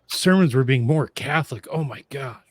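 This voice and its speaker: A man co-hosting a casual podcast chat, teasing with quick asides. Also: medium pitch, lively intonation. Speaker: podcast co-host.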